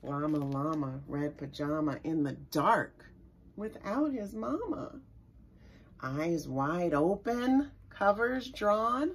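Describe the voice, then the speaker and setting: A woman, a children's librarian, reads a picture book aloud to young children in an expressive, sing-song way and stops now and then to explain words. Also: deep voice, slow, breathy edge. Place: library story time recorded for online viewing.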